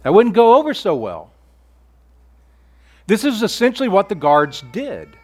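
Earnest preaching man, fairly high voice. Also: wildly swooping pitch, unhurried, a little mellow. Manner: earnest preaching, rhetorical questions, drops to near-whisper on key lines. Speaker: pastor. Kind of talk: sermon.

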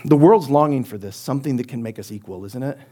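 A middle-aged male pastor preaching a sermon, emphatic, using rhetorical questions and swinging between loud and soft delivery. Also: mid-range voice, quick pace.

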